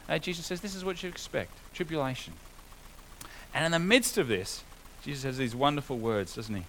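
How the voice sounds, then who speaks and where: A man's voice: fairly high pitch, moderate pace, a bit bright, poor audio. A man preaching a sermon, earnest and conversational, building to emphatic exhortation with rhetorical questions.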